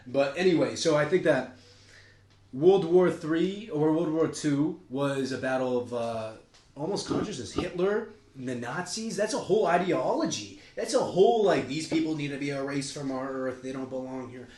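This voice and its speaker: A man's voice: fairly high pitch, moderate pace, darkish tone. A man co-hosting a podcast, talking in a loose, rambling way with plenty of swearing and sudden jumps between ideas. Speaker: podcast co-host. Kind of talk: casual podcast chat. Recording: roomy echo.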